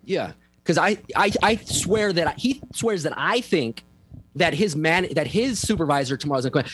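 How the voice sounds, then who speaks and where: A man's voice: a little high, expressive, moderate pace, a bit bright, slight background noise. A man in casual conversation, emphatic and profane, acting out quoted people as he tells stories. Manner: emphatic, heavy swearing, acts out quotes.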